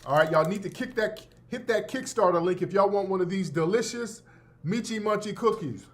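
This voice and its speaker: A brash, sarcastic man hosting a talk-radio show, with a fairly high speaking voice. He talks in loose slang and hammers his points by repeating them. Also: expressive, a little fast. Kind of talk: opinionated talk-radio commentary.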